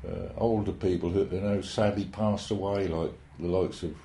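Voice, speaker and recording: Older man, low mellow voice, rambling folksy reminiscence, roomy echo. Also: fairly even intonation, normal speed, gravelly, a little hiss or hum. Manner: rambling, hesitant, folksy storytelling. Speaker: interviewee. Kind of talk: oral history reminiscence.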